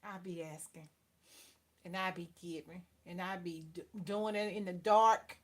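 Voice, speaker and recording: A woman's voice: fairly low pitch, steady tone, measured pace. An older woman, rambling through a casual spiritual talk and calling the listener "baby" as she preaches. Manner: rambling, swings from soft to loud. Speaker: spiritual channel host.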